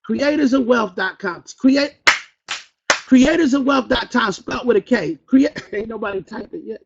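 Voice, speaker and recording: A man runs a motivational sales training with a very high-pitched, husky voice. He talks fast, fires questions at his audience and acts out quick phone pitches. The recording is dull and lo-fi. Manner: fast, call-and-response, acts out phone calls. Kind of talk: energetic motivational training talk.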